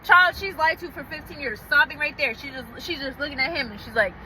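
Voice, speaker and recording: A young woman with a slightly high voice talks straight to her viewers in a blunt, profane storytime style. Traffic and street noise run clearly behind her outdoors. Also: fairly quick. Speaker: vlogger. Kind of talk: casual storytime vlog.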